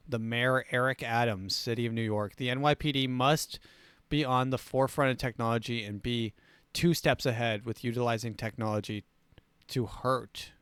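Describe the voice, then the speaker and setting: A man's voice: mid-range voice, fairly bright tone, smooth, dry recording. A man hosting a comedy show, reading news items and riffing on them sarcastically. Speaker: show host.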